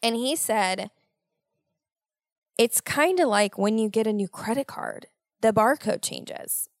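A woman's voice: a little high, slow, dry recording, studio quality. Profane, ranting young woman podcaster. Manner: profane, animated, exasperated ranting. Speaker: podcast host. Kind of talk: casual storytelling monologue.

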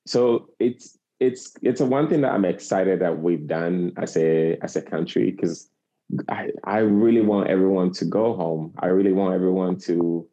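A man's voice: deep voice, warm tone. A man in his forties from Africa, a guest speaking earnestly and passionately, repeating phrases for emphasis. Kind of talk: earnest interview talk. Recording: slightly dull lo-fi recording.

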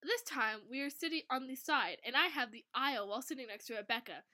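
A woman reading an old fanfic aloud, giggly and animated, often stumbling over words. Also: sits high, fast talker. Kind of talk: reading aloud between banter.

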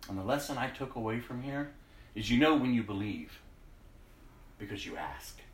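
A man preaching a sermon, reading scripture aloud and speaking emphatically, often dropping to a hush. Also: medium pitch, animated, recorded from a distance, slight background noise. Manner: slow, emphatic, drops to a hush. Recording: roomy echo.

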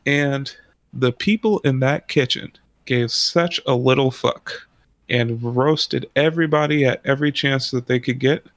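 In a fairly bright, mid-range voice at a moderate pace, a man rambles through a long story in a casual way, frequently swearing and laughing. No room sound is audible.

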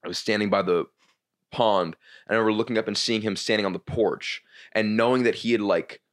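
A young man, a stand-up comedian, chatting casually on a podcast, rambling and halting with many restarts and curses. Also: fairly low pitch, steady tone.

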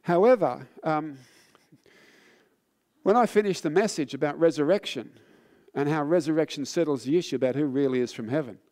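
A man preaching with a voice pitched a little high. He speaks earnestly and sounds a little tired. His sermon climbs into fervor and then sinks to low, solemn exhortation. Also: a little fast, dark tone. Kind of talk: sermon with personal testimony.

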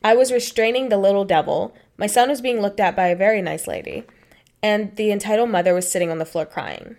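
Speaking a little fast with vocal fry, this young woman's medium-pitched voice has a slightly mellow quality. As a podcast co-host, she reads stories aloud and chats in a blunt, matter-of-fact style, swearing casually.

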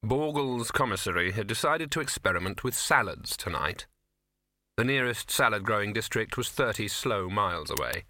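A man reads a comic fantasy audiobook with wry, measured timing. His voice is bright and crisp, recorded close and dry. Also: fairly low pitch, lively intonation, dry recording. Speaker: audiobook narrator. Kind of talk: scripted narration.

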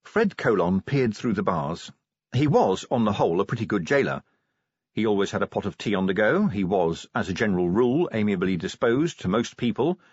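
Husky guy reading a funny audiobook, voice swoops all over, dull dry sound. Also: on the low side, big pitch swings, brisk, a little mellow, no room sound. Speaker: audiobook narrator. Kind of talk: scripted comic narration.

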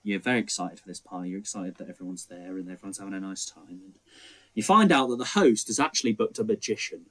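A man's voice: low voice, fast talker. A young man co-hosting a casual film debate podcast, who acts out scenes in mocking voices. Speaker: podcast co-host.

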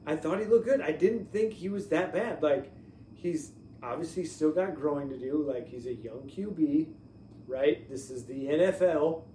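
A man co-hosts a sports podcast in a laid-back, halting way. His voice sits a bit high. It sounds roomy and distant, with a faint hiss underneath. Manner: relaxed, hesitant, with many likes and ums. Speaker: podcast co-host. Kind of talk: casual sports podcast chat. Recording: echoey room, mic at a distance, faint noise.

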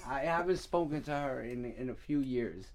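A man hosting a podcast, telling a crude story in a loose, animated way, swearing freely and laughing at himself. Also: medium pitch, normal speed, a little hiss or hum. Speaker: podcast host. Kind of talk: casual chat, storytelling.

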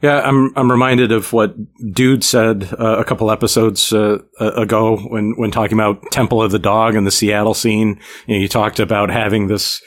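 A man's voice: lowish voice, little pitch movement, moderate pace. A man co-hosting a casual music podcast who jokes and laughs easily. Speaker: podcast co-host.

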